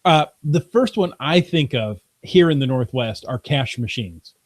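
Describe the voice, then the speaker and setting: Podcast co-host, male, mid-range voice, dry sound, relaxed, teasing. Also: medium pitch, measured pace, dry recording. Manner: relaxed, joking, leads the topic. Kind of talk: casual podcast chat.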